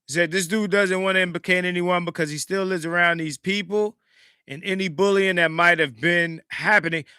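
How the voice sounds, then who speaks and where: A man hosting a podcast, commenting on a clip in an emphatic, animated way, swinging between loud remarks and hushed asides. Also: high voice, moderate pace, clear, resonant tone, no room sound, clean studio sound. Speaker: podcast host reacting to a clip. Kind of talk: casual commentary.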